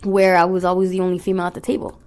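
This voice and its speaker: A woman co-hosting a podcast in casual chat. She talks in an animated way and swings between loud bursts and soft asides. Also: lowish voice, racing. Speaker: podcast co-host.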